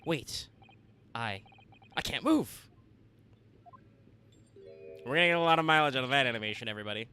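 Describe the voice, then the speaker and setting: A man plays a groggy young man waking up captive in a video game, confused and slow to take in his situation. The voice is bright and clear, and rises and falls freely. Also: medium pitch, animated, a little hiss or hum. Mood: bewildered. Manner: groggy, bewildered reading.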